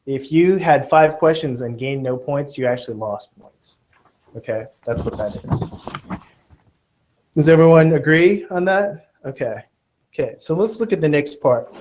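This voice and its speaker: This test-prep tutor has a somewhat high, slightly mellow voice, and a faint hiss or hum runs under the dull, lo-fi classroom audio. Speaking with a Southern Californian accent, he lectures, cracks jokes, and checks on how his students are doing.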